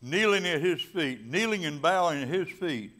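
A man preaching a sermon. He drops to soft, low passages and builds to loud, emphatic climaxes, stretching key words slowly and adding casual asides to the congregation. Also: lively intonation.

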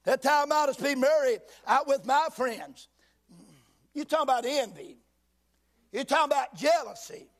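A man pastor preaching a sermon, reading King James scripture slowly and breaking in with folksy asides, at times shouting for emphasis. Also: very high-pitched, expressive. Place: church sanctuary.

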